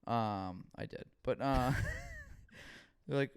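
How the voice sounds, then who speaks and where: A man's voice: mid-range voice, wildly swooping pitch, takes it slowly. A young man co-hosting a podcast, telling stories in casual chat with lots of swearing and acted-out dialogue. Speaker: podcast co-host.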